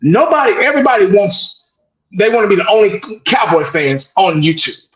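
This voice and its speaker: A high-pitched man rants in blunt, heated sports talk, circling back over his points and tagging "man" onto his lines. His voice comes over a video call and rings out in an echoey room. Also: normal speed. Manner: blunt, repetitive, animated ranting with frequent "man".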